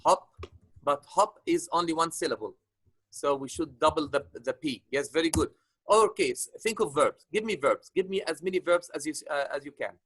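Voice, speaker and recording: A man's voice: a little high, moderate pace, a bit bright, slightly rough, dry recording, poor audio. A man teaching an online grammar lesson, patient, repeating points with many fillers. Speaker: English teacher.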